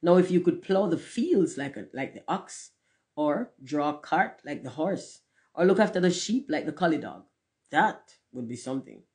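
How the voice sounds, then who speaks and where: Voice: mid-range voice, animated, normal speed, a little mellow, close to an everyday voice. A reader voicing a peaceable, plain-spoken female duck in a storybook reading, mild and practical.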